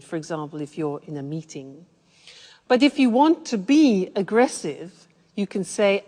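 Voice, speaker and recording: A woman English teacher slowly explaining and demonstrating everyday phrases. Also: lowish voice, big pitch swings, darkish tone, big-room sound. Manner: slow, clear, demonstrating example phrases. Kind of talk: language lesson explanation.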